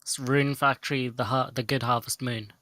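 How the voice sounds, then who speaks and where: A podcast co-host chatting casually with deadpan jokes. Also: medium pitch, normal speed, no room sound, clean studio sound. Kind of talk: casual chat.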